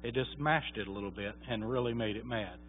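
A man's voice: fairly low pitch, fairly quick, breathy edge. A man preaching a sermon, telling a story in a folksy, conversational way with many fillers. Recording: tinny phone-like sound.

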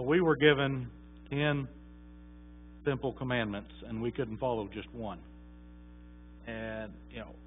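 A man preaching a sermon, telling a story in a folksy, conversational way with many fillers. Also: mid-range voice. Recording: tinny phone-like sound.

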